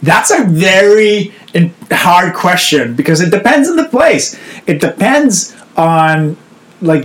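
A man co-hosting a podcast in casual chat, laid-back and swearing freely. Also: a little high. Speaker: podcast co-host.

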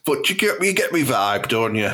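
A man's voice: medium pitch, big pitch swings, a little fast, pushed and bright. A man, co-hosting a podcast in crude, rambling casual banter. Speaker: podcast co-host.

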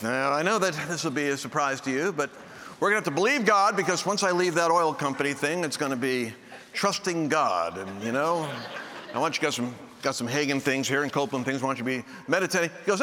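Animated male preacher, bright voice, reverberant hall. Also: quick pace, a little hiss or hum. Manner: animated, acts out dialogue with sudden high-pitched outbursts. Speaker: preacher telling a personal story. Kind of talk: anecdotal sermon storytelling.

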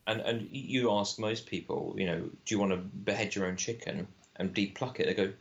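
A man's voice: fairly low pitch, fairly quick, creaky, few pauses, lo-fi sound. A man, a film director guest, arguing animatedly in casual conversation and often restarting his sentences.

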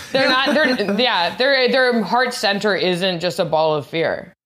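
A woman's voice: mid-range voice, lively intonation, slow, a bit bright. Rambling Canadian woman comedian. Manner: rambling, full of "like" fillers, laughs often. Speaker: comedian guest. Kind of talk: casual podcast chat.

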